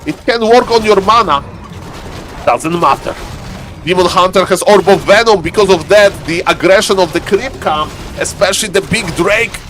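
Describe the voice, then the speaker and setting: A man streaming live commentary on a strategy game, lively and playful, teasing his chat. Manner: lively, playful, keeps saying "ladies and gentlemen"; shifts into a deeper joking voice for a subscriber.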